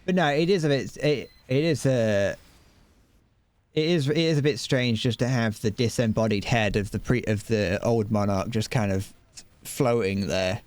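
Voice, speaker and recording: A man's voice: mid-range voice, normal speed, a little mellow, no room sound. Rambling, playful young man streaming a game. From Britain. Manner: rambling, playful, hums to himself while playing. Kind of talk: casual gaming stream chat.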